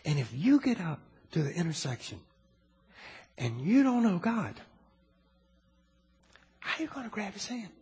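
A man's voice: high voice, sing-song, unhurried, pauses often, darkish tone, husky. An older man preaching a sermon in a conversational way, often restarting his sentences and adding asides, in a large church. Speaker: pastor. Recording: long hall reverb.

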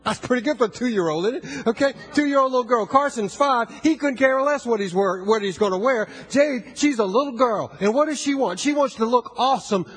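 Husky high-voiced preacher, fervent sermon. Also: male voice, fairly quick, few pauses. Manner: swings from low quiet storytelling to loud fervent exhortation. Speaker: pastor.

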